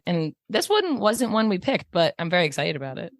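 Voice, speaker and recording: A woman's voice: lowish voice, big pitch swings, a little fast, no echo, studio quality. A woman in her thirties, a podcast guest, chatting animatedly and laughing as she tells stories. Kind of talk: casual chat.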